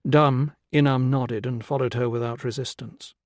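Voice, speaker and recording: A man's voice: mid-range voice, fairly even intonation, moderate pace, no room sound. Man narrating an audiobook, dry sound. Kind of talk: scripted narration. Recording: dry close studio sound.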